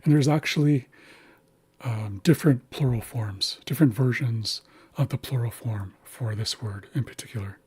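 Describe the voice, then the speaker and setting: A man teaching a language lesson, patiently walking through pronunciation and repeating example words slowly. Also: medium pitch, a little mellow. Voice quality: very breathy, husky. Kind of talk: slow instructional walkthrough.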